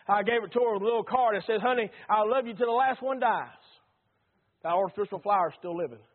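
A Southern preacher with a very high voice delivers a folksy sermon full of repeated refrains. He sounds middle-aged, and the recording is thin and tinny, like a phone line. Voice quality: folksy, repetitive preaching cadence. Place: church.

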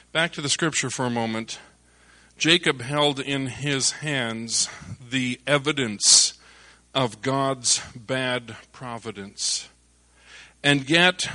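Animated male preacher with a bright voice. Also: medium pitch, takes it slowly, dry recording. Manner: animated storytelling, bursts of shouting in excitement. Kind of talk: sermon with a personal story. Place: church service.

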